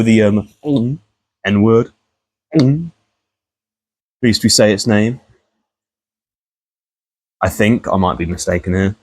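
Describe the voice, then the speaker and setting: A man's voice: lowish voice, darkish tone. A young man rambling casually through a profane commentary vlog, often laughing at the story.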